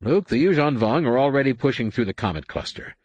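A man voicing a brisk male squadron leader who speaks bluntly and urgently. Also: mid-range voice, lively intonation, darkish tone, husky, dry recording, dull audio, pitched above the performer's own voice.

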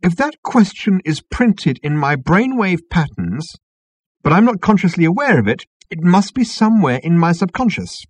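A man's voice: high-pitched, big pitch swings, moderate pace, husky, no room sound, voice pushed up, full character voice. A man reading an audiobook, voicing a bemused ordinary man who reasons things out earnestly. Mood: earnest reasoning.

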